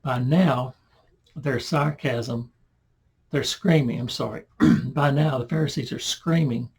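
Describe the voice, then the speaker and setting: A man giving a verse-by-verse Bible lesson in a conversational manner. He reads the scripture louder and breaks into chatty asides. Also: mid-range voice, slow, gravelly, slightly rough. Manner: conversational, loud when reading scripture aloud, asides and self-corrections. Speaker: Bible teacher.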